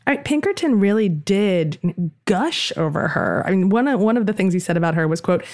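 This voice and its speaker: A woman's voice: medium pitch, animated, fairly quick, a little mellow. A woman co-hosting a casual history podcast, talking enthusiastically and acting out quotes in playful voices. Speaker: podcast co-host.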